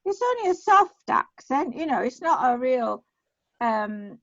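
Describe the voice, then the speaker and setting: A woman's voice: high-pitched, sing-song, unhurried, a bit bright. A woman chatting casually over a video call in an online class, often repeating herself. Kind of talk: casual chat. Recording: dull lo-fi video call audio.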